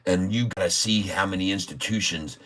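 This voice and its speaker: A man's voice: low voice, fairly quick, a bit bright. A middle-aged man hosting a live stock-trading stream, chatting casually, laughing often and reading viewer comments aloud. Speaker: livestream stock trading host. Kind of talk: casual livestream chat with viewers.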